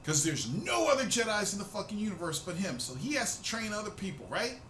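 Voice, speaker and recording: Excitable swearing man with a high, bright voice in an echoey room; ranting vlog host. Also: fairly quick, slight background noise. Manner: loud, excitable, swearing freely. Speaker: host of a rant video. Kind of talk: profane fan rant.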